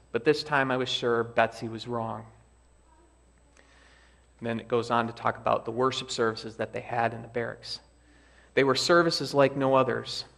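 Male pastor, mid-pitched, earnest sermon delivery, reads story passages aloud with feeling. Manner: earnest, reads quoted lines with lively emphasis. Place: church sanctuary.

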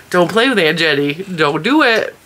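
A crochet vlogger chats casually to the camera at home, telling family stories and laughing often while sounding tired and yawning. Her voice is fairly low in pitch with a sharp tone.

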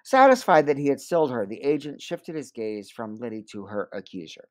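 A man's voice: medium pitch, moderate pace. A man reading a novel aloud in storybook narration. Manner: expressive, varied delivery. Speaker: audiobook reader.

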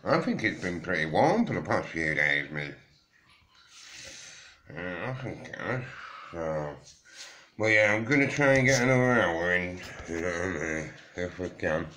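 A man's voice: deep voice, very animated, unhurried, long pauses, pushed and bright, slight background noise. A man who has just woken up, rambling casually to viewers and swearing freely. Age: 30s. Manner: loose, swearing, slangy, addresses viewers as guys and mate. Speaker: vlogger. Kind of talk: rambling casual morning chat.

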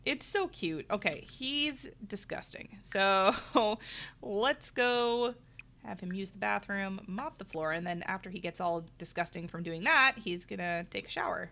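A woman's voice: mid-range voice, measured pace, creaky, pushed and bright. A middle-aged woman giving chatty let's play commentary, talking to her viewers and exclaiming at the game. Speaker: gaming channel host. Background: faint game music.

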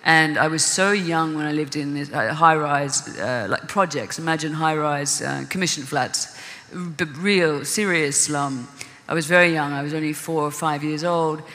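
Woman novelist on a panel, bright-toned, casual, self-correcting, long hall reverb. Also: sits low, normal speed. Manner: thinking aloud with restarts, laughs readily. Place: conference hall.

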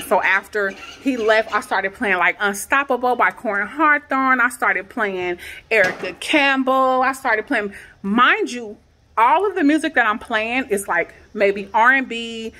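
A woman in her thirties telling an upset personal story in a vlog from her garage, her voice rising into pained, near-shouted questions. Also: fairly high pitch, normal speed, a little hiss or hum. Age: 30s. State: shaken. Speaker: vlogger.

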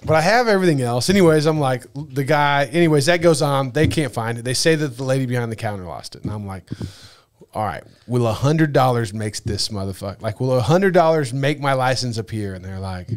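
A man spins a road story on a podcast in a loose, cursing, animated way. He slips into the voices of the people in the story as he goes. His pitch sits in the middle for a man. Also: a little fast. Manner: animated, profane, acts out dialogue. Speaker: podcast guest. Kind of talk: casual storytelling.

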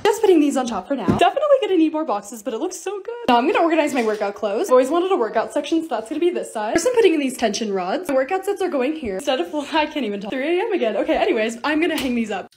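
A woman's voice: high-pitched, very animated, rapid-fire, few pauses, darkish tone. A woman in her twenties narrating a casual lifestyle vlog, bubbly and gushing over cute things. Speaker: lifestyle content creator.

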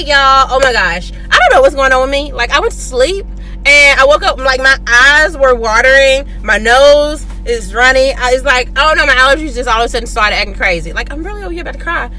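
A young woman talking casually to her viewers in a vlog, chatty and quick to laugh, calling them y'all. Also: high voice, bright, forceful tone. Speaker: vlogger.

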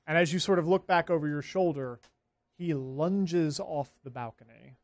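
A man's voice: fairly high pitch, normal speed, no echo. A man running a tabletop game as dungeon master, narrating and answering the players, often laughing.

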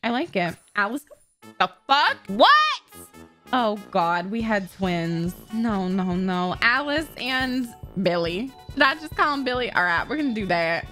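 Animated woman in game commentary. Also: medium pitch, moderate pace, hardly any pauses, soft background music. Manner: dramatic, swears a lot, gasps and laughs. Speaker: gaming video host. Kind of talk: let's-play commentary.

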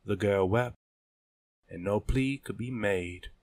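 A man narrating a story in a measured, deliberate reading style. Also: on the low side, a little mellow, no echo. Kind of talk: scripted audiobook narration.

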